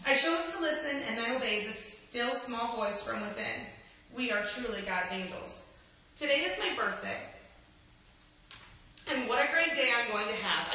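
A woman reading an inspirational story aloud in an earnest, gentle way, now and then restarting a line. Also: a little high, far from the mic, a little hiss or hum. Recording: echoey room, voice from off-mic.

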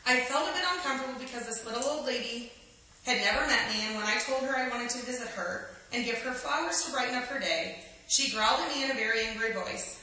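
A woman reading an inspirational story aloud in an earnest, gentle way, now and then restarting a line. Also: a little high, recorded from a distance. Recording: echoey room, voice from off-mic.

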